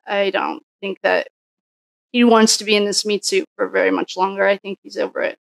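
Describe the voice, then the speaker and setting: A woman's voice: medium pitch, flat delivery, moderate pace, vocal fry, no echo. A woman doing a casual solo tarot reading, musing and thinking aloud with frequent restarts. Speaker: psychic tarot reader.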